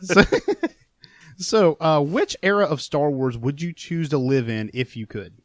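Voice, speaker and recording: A man co-hosting a podcast, chatting casually with lively, laughing asides. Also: a little high, a little slow, dry recording. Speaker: podcast co-host.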